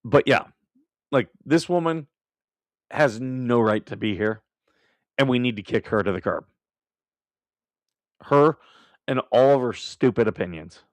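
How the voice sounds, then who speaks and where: A man's voice: mid-range voice, lively intonation, a little slow, long pauses, no room sound. A man hosting a casual live stream, talking bluntly and combatively with lots of swearing and laughing at his own remarks. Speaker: livestream host.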